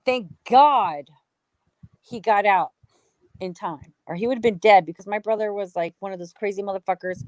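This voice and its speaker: A woman's voice: medium pitch, moderate pace, a little mellow, no echo, rough recording. A woman from the United States, a guest in a heated casual talk, ranting angrily and swearing constantly. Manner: angry, profane ranting.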